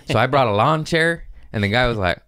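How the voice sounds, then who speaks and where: A man on a podcast telling a profane, animated comic story and acting out the voices of the people in it. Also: mid-range voice, fairly quick, clear, resonant tone, dry recording, clean studio sound. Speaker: comedian guest on a podcast.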